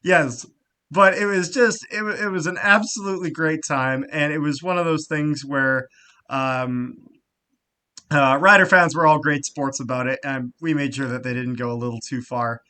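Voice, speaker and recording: Animated, profane male sports podcaster. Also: fairly high pitch, normal speed. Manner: animated, swears freely, gets loud and excited; frequent fillers and restarts. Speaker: podcast co-host. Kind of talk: casual sports chat.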